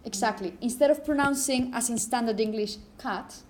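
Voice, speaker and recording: A woman giving a classroom lecture, explaining slowly and often checking in with the students. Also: a little high, slight background noise.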